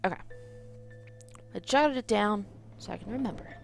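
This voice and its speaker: A woman's voice: medium pitch, lively intonation, moderate pace, vocal fry, pauses often, faint music behind. A woman playing a game and reading its dialogue aloud with jokey asides. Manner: jokey, reads on-screen text aloud with asides. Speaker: let's play gamer.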